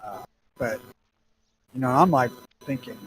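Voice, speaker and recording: A man's voice: mid-range voice, unhurried, background noise. A middle-aged man from Missouri with a Southern accent, rambling crudely and profanely as a podcast co-host. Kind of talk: casual chat.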